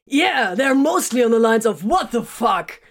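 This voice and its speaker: A woman reader voicing a wry, ironic male warrior who speaks high and loud. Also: lively intonation, brisk, creaky. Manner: ironic, mocking.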